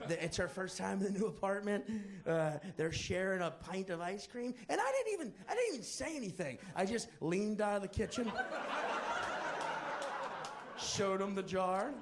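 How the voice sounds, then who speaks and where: Stand-up comic, male, high and animated, swears freely, big audience laughs. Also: normal speed. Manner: animated, profane, playful. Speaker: stand-up comedian. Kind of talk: stand-up storytelling. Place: comedy stage before a live audience. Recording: live crowd laughter.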